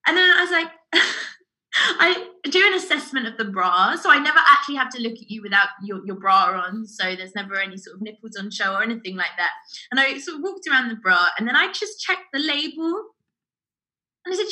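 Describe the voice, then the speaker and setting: A woman who works as a bra fitter, telling animated stories in a casual podcast chat. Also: fairly high pitch, brisk, low-quality recording. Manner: animated storyteller who acts out customers' voices.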